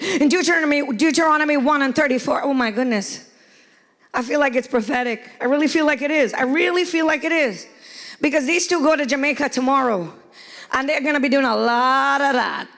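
A woman pastor delivering a lively sermon in a church. Her voice sits high and carries a gravelly edge. She shouts her points and slips into playful impressions of the people she quotes. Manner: preaching, often shouting, acts out quoted voices with humor. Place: church hall before a congregation.

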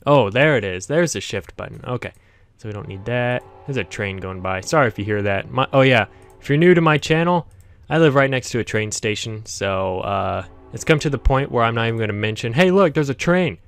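A man's voice: medium pitch, fairly quick, vocal fry, fairly bright tone, smooth. A man hosting a gaming channel, chatting to viewers as he plays, easily startled, with yelps and laughs. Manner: talks directly to viewers. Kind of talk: casual gameplay commentary.

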